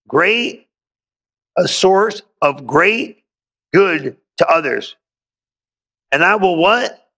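A man's voice: high voice, animated, drawn-out words, long pauses, sharp tone. A male pastor preaching a sermon, reading scripture aloud and breaking in with exuberant call-and-response asides.

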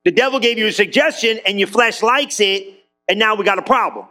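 Male pastor, high-pitched, loose joking sermon delivery. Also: fairly quick, bright, forceful tone. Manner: casual, joking, talks straight to the congregation. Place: church.

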